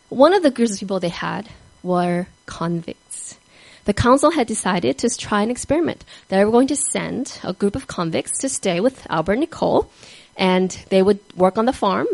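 An earnest woman tells a sermon story at a middle pitch, and she sometimes sinks to a hushed whisper for emphasis. The recording is dry and close. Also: gravelly, dry recording, rough recording. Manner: earnest, drops to a soft whisper on key words. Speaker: speaker giving a devotional talk.

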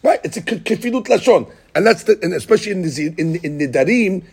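Gravelly man teaching a Talmud lesson. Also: high-pitched, expressive, quick pace, darkish tone. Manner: explains text line by line, acts out the speakers' words.

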